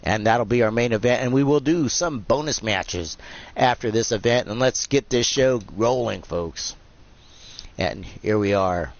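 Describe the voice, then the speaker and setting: A man's voice: mid-range voice, expressive, measured pace, dull audio. A man hosting a live-streamed wrestling video game, commentating in a rambling, jokey, off-the-cuff way. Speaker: host and commentator.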